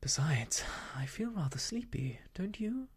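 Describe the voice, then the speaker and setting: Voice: medium pitch, sing-song, a little slow, husky, pitched above the performer's own voice, exaggerated voice. A whispering storyteller voicing a sleepy, dreamy girl in a canoe, in a whispered role-play. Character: drowsy English girl in a canoe.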